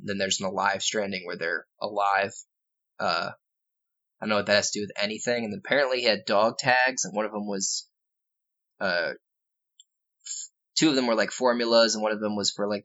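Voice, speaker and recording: A man's voice: lowish voice, bright, forceful tone. A man co-hosting a casual video game podcast, enthusiastic and rambling with fillers and asides. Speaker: podcast co-host. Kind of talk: casual game discussion chat. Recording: slightly dull lo-fi recording.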